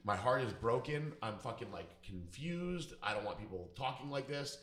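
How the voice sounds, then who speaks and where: A man's voice: mid-range voice, brisk, a bit bright. A man telling a personal story in a casual, blunt, profane and emphatic way. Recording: echoey room.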